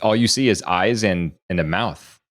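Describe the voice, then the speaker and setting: A man's voice: low voice, moderate pace, a bit bright, no room sound, clean studio sound. A man co-hosting a podcast, thinking aloud and reasoning through his guesses in casual chat. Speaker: podcast co-host.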